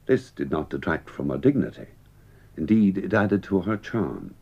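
A man's voice: very deep voice, animated, measured pace, gravelly, darkish tone, slightly rough. A man, a former actor, telling a wry, dramatic story about his theatre days in an old archive recording. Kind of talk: archival spoken memoir. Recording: muffled archival broadcast.

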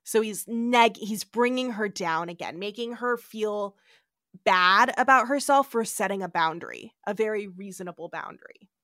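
A woman co-hosting a podcast, recapping an episode in a casual, animated way and swearing freely. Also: medium pitch, normal speed, no room sound, studio quality. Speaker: podcast co-host.

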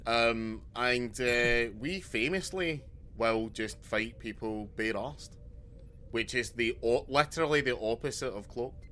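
A man's voice: mid-range voice, takes it slowly, fairly bright tone. A Scottish man co-hosting a podcast, chatting casually in a jokey, rambling way and laughing often. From Scotland. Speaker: podcast co-host. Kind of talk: casual chat.

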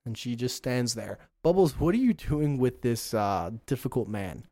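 A man narrating a tabletop superhero game as game master, lively with playful put-on voices. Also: mid-range voice, moderate pace, no echo.

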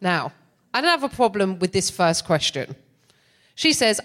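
A middle-aged woman performing stand-up comedy on a theatre stage, telling a story with a sardonic, animated delivery and laughing between lines. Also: mid-range voice, a little slow.

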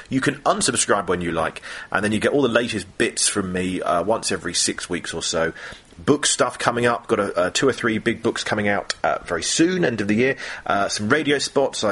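A man hosting a podcast, reading a steady, friendly scripted segment. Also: fairly low pitch, breathy edge. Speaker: podcast host.

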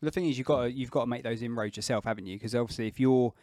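A man's voice: medium pitch, racing, darkish tone. A man hosting a podcast in casual chat, chatty and prone to tangents, with tag questions and a "mate" here and there. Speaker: podcast host.

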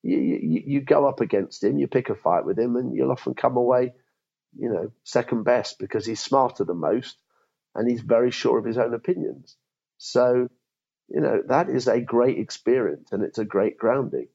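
A man's voice: mid-range voice, normal speed, creaky, dark tone, breathy edge, lo-fi sound. A man in his fifties, a former law firm chief, thinking aloud in an interview with frequent restarts. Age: 50s. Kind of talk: interview conversation.

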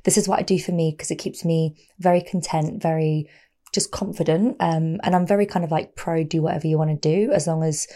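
A young woman chatting as a podcast guest, telling lively stories and laughing easily. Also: sits low. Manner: chatty storyteller, quick laughs, acts out voices in anecdotes. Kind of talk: casual podcast chat.

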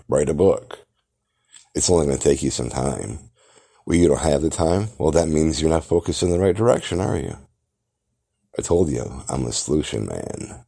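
Deep gravelly boastful man. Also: warm tone. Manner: boastful, theatrical, lectures the listener. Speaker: podcast host. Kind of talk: grandiose self-promoting monologue.

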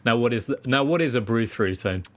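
A man's voice: medium pitch, expressive, a little fast. A young British man co-hosting a casual podcast chat, telling anecdotes and laughing often. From Britain. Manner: chatty storyteller, laughs often. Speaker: podcast co-host.

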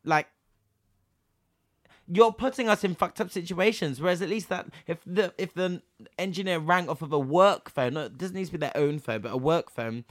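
A man's voice: fairly high pitch, normal speed, no room sound, clean studio sound. A young man telling a story in casual chat, swearing freely and acting out both sides of a phone call.

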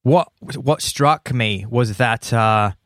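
A man's voice: medium pitch, takes it slowly, a bit bright, dry recording, studio quality. A man hosting a podcast in casual chat, enthusiastic and playful, often repeating lines for effect. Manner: enthusiastic, repetitive listing, playful. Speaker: podcast host.

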